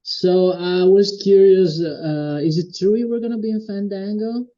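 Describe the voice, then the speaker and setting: A man's voice: sits high, steady tone, measured pace, dark tone, dull audio. A male interviewer hosting for a fan club, an enthusiastic fan who laughs along and asks curious questions. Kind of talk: casual interview.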